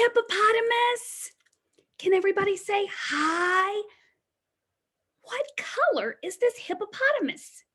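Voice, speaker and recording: Animated sing-song preschool teacher woman. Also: high voice. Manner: slow, exaggerated storytime delivery. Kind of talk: reading a picture book aloud to children.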